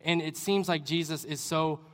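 A man's voice: a little high, fairly even intonation, normal speed, fairly bright tone. A young adult man giving a sermon in a church hall, earnest and conversational, with rambling asides. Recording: reverberant hall.

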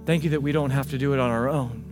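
A male pastor preaching a sermon, swinging between hushed, intimate passages and emphatic, rising declarations. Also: medium pitch, fairly even intonation, quick pace. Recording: long hall reverb with faint music.

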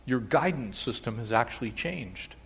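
A pastor preaching a sermon in an animated way, slipping into quoted voices and playful asides. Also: male voice, medium pitch, normal speed, vocal fry.

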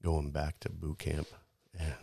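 A man's voice: rumbling low, monotone, a little slow, creaky, mellow, slightly rough, no room sound, clean studio sound. A man in casual chat who mostly chimes in with short agreements and laughs.

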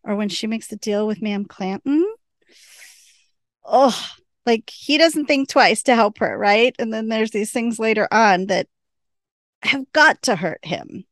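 A woman's voice: on the high side, a little slow, no echo. Woman podcast co-host, chatty recap delivery, laughs easily, dry close sound. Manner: chatty, laughs often, quotes characters. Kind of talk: casual TV episode recap.

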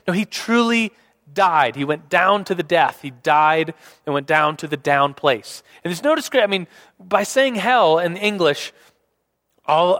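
Young male preacher, casual and rambling, high voice, long hall reverb. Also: fairly bright tone. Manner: casual, rambling, many fillers and restarts. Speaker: pastor. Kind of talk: sermon. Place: church hall.

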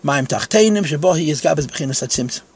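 Candid teacher, slightly high male voice. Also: animated, fast talker, husky. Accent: Yeshivish English. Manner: conversational, self-deprecating asides. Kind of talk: text-study lecture.

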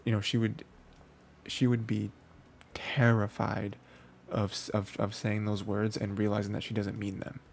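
Low, flat, gravelly-voiced man reviewing anime. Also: moderate pace, a little hiss or hum. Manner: rambling, filler-heavy, frequent restarts. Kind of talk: casual spoken review.

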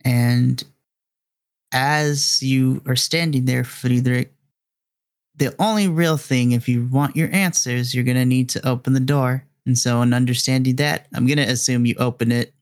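A man narrating a tabletop game as game master, slow and deliberate as he sets scenes. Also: mid-range voice, fairly even intonation, dry recording, studio quality. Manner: drawn-out, deliberate narration with voiced characters.

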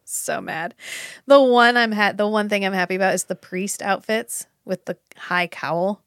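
An opinionated woman in a relaxed conversation, talking with lively, animated emphasis and the odd casual swear. Her voice sits at an ordinary middle pitch. The sound is close and dry, with no room around it. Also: normal speed, no room sound. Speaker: podcast co-host. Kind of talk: casual chat.

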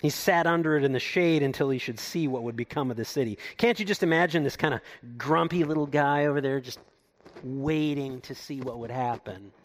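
Reading scripture and unpacking it at a fairly quick pace, a pastor preaches with sharp contrasts. Loud, emphatic lines give way to hushed, low asides.

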